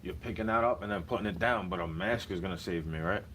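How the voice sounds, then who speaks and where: A man's voice: deep voice, fast talker, fairly bright tone, slight background noise, rough recording. A young man ranting in a casual vlog, slangy and heated, repeating himself as he vents.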